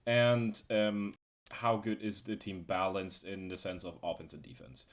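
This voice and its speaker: A man's voice: low-pitched, flat delivery, measured pace. A young man hosting a casual podcast, laid-back and swearing now and then as he explains how things work. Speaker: podcast host.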